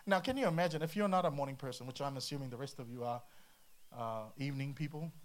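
A man preaching a sermon to a congregation, humorous and animated, breaking into playful voices and sound effects. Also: medium pitch, quick pace. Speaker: pastor.

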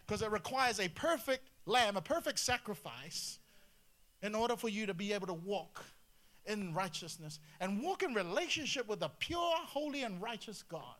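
This pastor preaches with energy at a moderate pace, his voice pitched high. Rhetorical questions pile up as his volume rises and drops.

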